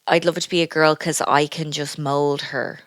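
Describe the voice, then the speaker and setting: A woman's voice: deep voice, flat delivery, moderate pace, no echo. A woman co-hosting a podcast, chatting casually with dry, sarcastic humour and ready laughter. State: new mother back from leave. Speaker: podcast co-host. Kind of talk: casual chat.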